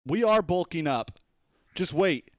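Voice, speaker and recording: A young man, an esports shoutcaster, chatting loosely and playfully as he opens a casual livestream. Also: on the high side, expressive, unhurried, no room sound, studio quality.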